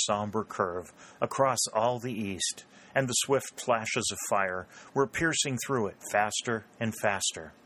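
A man with a lowish voice narrates a novel as an audiobook, keeping a measured, even storytelling manner.

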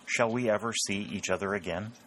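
A man's voice: on the low side, brisk, a bit bright, slight background noise, close to an everyday voice, rough recording. A man voicing a shy, earnest young woman. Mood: tender.

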